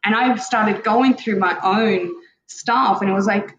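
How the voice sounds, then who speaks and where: A woman's voice: medium pitch, a little slow, a bit bright, reverberant, lo-fi sound, a little hiss or hum. A woman co-hosting a casual spiritual talk show, talking earnestly and rambling as she acts out her inner dialogue. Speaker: co-host.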